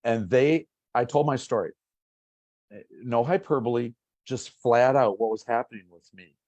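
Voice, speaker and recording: A man in his sixties from Minnesota, a pain doctor telling his story as an interview guest in a casual, animated way. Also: medium pitch, normal speed, dry recording, lo-fi sound. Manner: animated, acts out past conversations.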